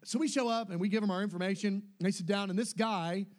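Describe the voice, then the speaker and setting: Young guy with a high voice telling a story, gets really animated doing everyone's lines. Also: fast. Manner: animated, acts out quotes with shifting voices. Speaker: storyteller recounting a mission trip. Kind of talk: casual spoken storytelling.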